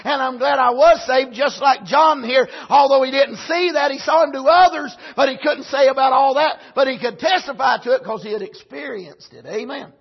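A male preacher delivering a sermon, punctuating it with amens and swinging from loud cries to soft, low passages. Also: moderate pace, few pauses, breathy edge, lo-fi sound.

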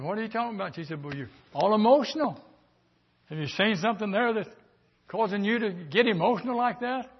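An older man from the American South preaching a sermon, moving from quiet storytelling to fervent shouting. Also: high voice, slightly rough, muffled recording.

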